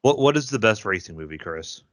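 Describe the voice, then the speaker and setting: A man's voice: lowish voice, lively intonation, brisk, no echo, studio quality. A man co-hosting a podcast in casual chat, tossing in teasing jokes and questions. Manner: joking, teasing interjections. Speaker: podcast co-host.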